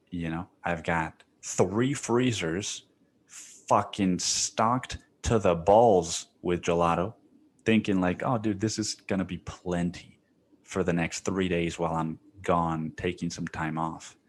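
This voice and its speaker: A man's voice: deep voice, fairly even intonation, slow, a little hiss or hum. A young man hosting a solo podcast, venting with lots of swearing and "dude", his tonsils swollen. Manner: profane venting, heavy on "dude". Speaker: podcast host.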